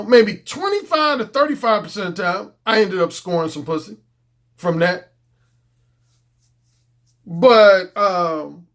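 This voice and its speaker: A man's voice: high voice, fairly bright tone. A middle-aged man, a dating coach, talking bluntly and profanely in a casual unscripted monologue.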